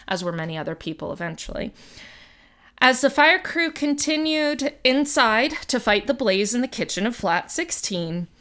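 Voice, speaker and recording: Bright, lively woman podcast host. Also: mid-range voice. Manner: conversational, acts out quotes with lively asides. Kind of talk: casual podcast storytelling.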